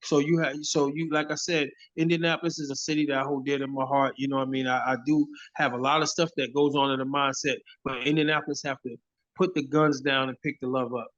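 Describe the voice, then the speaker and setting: A hip hop artist speaking as an interview guest over a phone video call, preachy and emphatic, often repeating himself. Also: male voice, medium pitch, level tone, fast talker, fairly bright tone. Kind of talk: casual interview. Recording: dull lo-fi phone audio.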